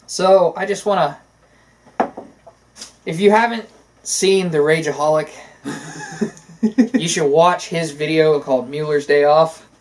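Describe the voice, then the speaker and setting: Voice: medium pitch, slow pace, long pauses, a little hiss or hum, rough recording. An opinionated co-host talking politics in a loose, casual chat. The talk comes in long runs full of "uh" and "so". The tone is conversational and unscripted. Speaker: podcast co-host.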